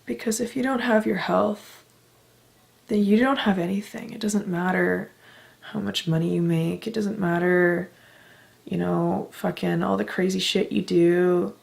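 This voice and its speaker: A young woman vlogging from Canada, talking slowly with a gravelly edge to her voice. She sounds emotional and close to tears, heartfelt and earnest, and she swears casually as she goes. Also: medium pitch, fairly even intonation, a little mellow. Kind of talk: candid personal vlog.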